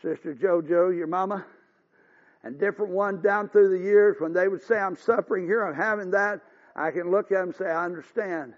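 A man's voice: high-pitched, brisk. An older man preaching a revival sermon as pastor, folksy and earnest, building to fervent exhortations. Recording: dull lo-fi recording.

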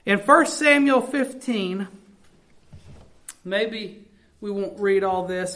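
A woman's voice: mid-range voice, slow, long pauses, a bit bright. A middle-aged woman preacher delivering a sermon, reading scripture aloud and then explaining it in plain, earnest talk.

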